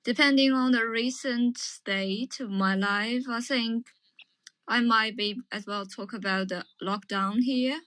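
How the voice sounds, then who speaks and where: A woman calling in, speaking in a measured, careful way. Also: on the high side, pushed and bright, no room sound. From China. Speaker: caller. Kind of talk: casual chat.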